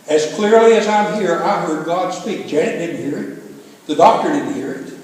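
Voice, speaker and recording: A man's voice: fairly high pitch, normal speed, darkish tone. An older man from the American South, a pastor telling a story in a folksy, joking sermon. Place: large church sanctuary. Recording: echoey hall from far off.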